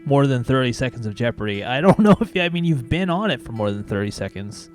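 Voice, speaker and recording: A man hosting a comedic call-in stream, teasing his co-host in a quick, playful way. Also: mid-range voice, big pitch swings, soft background music. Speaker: show host. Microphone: webcam video call.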